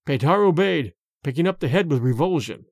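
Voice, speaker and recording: A man narrating a story in a measured, expressive way. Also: fairly high pitch, slightly rough, no room sound, studio quality. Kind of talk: storytelling reading.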